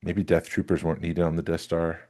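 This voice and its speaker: A man's voice: low voice, little pitch movement, fairly quick, darkish tone. A man hosting a collecting podcast, chatting casually and hedging with "like" and "uh.". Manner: rambling, hedging with "like" and "uh". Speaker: podcast host. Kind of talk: casual chat. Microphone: studio microphone that pops.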